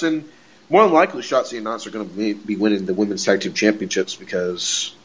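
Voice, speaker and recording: A man hosting a podcast, recapping a wrestling show in a casual, excitable way, laughing often and repeating himself. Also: lowish voice, fairly quick, breathy edge, dull audio. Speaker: podcast host.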